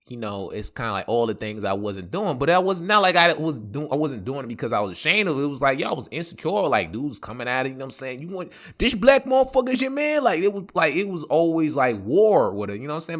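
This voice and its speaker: A man hosting a podcast, telling a comic personal story in slangy, animated talk. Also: mid-range voice. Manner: animated, slangy, laughing asides. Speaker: podcast host. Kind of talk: comedic storytelling.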